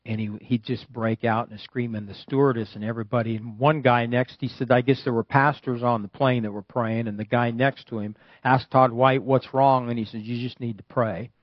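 Older male preacher, lively storytelling sermon, flat dull dry sound. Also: mid-range voice, fairly quick, few pauses, no echo. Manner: storytelling preacher, swings from hushed to loud exclamations. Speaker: pastor.

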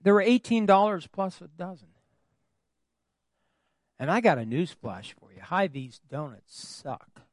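A man's voice: high voice, big pitch swings, a little slow, pauses often, no room sound. A man preaching a sermon from the pulpit, calling for answers from the congregation, with folksy humorous asides. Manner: call-and-response with the congregation. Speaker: pastor. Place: church, at the pulpit.

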